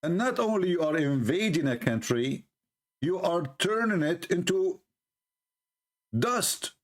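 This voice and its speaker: A man comments mockingly on a clip, needling and repeating his point in halting English. His voice sits a little higher than most men's. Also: very animated. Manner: sarcastic, repetitive, in halting English.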